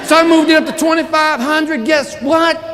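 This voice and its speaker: A man's voice: very high-pitched, steady tone, fairly quick, sharp tone, slight background noise. A man giving a motivational sales keynote, joking and questioning the crowd with lots of energy. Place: large conference hall. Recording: reverberant hall with audience. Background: audience laughter and murmur.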